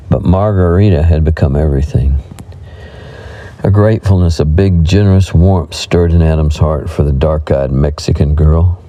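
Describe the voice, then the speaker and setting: Deep, dark-voiced male narrator. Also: low-quality recording. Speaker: audiobook narrator. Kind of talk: audiobook narration of a western.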